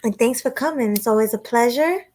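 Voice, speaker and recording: A woman co-hosting a casual livestream podcast, chatting in a relaxed way and thanking her viewers. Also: on the high side, brisk. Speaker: podcast co-host.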